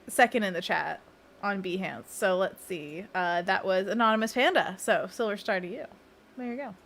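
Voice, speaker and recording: A woman's voice: medium pitch, moderate pace, fairly bright tone. A young adult woman, a children's book illustrator, chatting casually and laughing often on her live stream.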